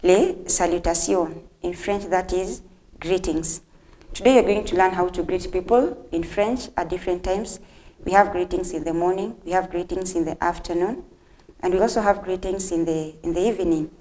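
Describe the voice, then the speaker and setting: A woman's voice: fairly low pitch, mellow, a little hiss or hum. Woman teaching on TV. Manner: repeats phrases slowly for learners; friendly, addresses viewers directly. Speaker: host and French teacher. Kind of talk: televised language lesson.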